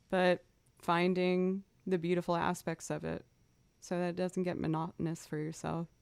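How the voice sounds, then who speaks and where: A woman's voice: mid-range voice, vocal fry, darkish tone, dry recording. A young woman musician chatting casually on a livestream, rambling through stories and thanking viewers as she goes. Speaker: musician streamer.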